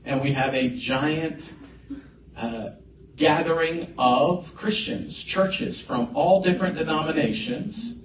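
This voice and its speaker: A male pastor preaches to his congregation, animated in his storytelling. His voice comes from some distance off in a roomy, echoing hall with a faint hum of ambience behind. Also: a little high, slow pace. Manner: animated storyteller, lively swings in loudness. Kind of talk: sermon storytelling. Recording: echoey hall mic from a distance.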